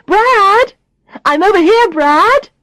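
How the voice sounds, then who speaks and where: A woman reading a story voices a haughty young woman, loud, bored and mocking. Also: animated, slow, no room sound, clean studio sound, full character voice. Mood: calling out. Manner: loud, shrill and bored-sounding.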